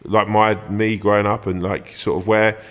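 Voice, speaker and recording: Low-voiced man swapping stories. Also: little pitch movement, normal speed, a bit bright, big-room sound. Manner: swears freely, laughs through his stories. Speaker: comedian and actor, podcast guest. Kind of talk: casual chat, telling anecdotes.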